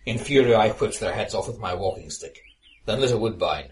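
A man giving a dramatic first-person story reading, bellowing the lines of dialogue and dropping to hushed narration. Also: deep voice, normal speed. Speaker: story contributor.

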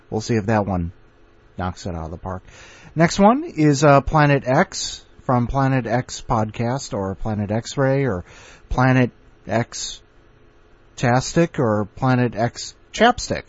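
A man's voice: medium pitch, no room sound, lo-fi sound. A man hosting a podcast, chatty, laughing often and stumbling over fillers as he introduces contributors. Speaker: podcast host.

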